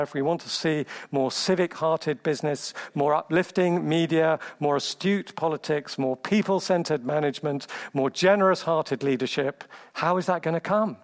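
A man preaching with conviction, his voice sitting a little high for a man. He stacks up lists and fires off rhetorical questions to press each point home. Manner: emphatic, rhetorical questions, builds through lists. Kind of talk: sermon.

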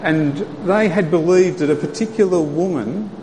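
Man, sermon, conversational storytelling, slightly high voice, long hall echo. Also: normal speed, dark tone, slight background noise. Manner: conversational storytelling, earnest and direct. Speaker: preacher. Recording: long hall reverb, faint ambience.

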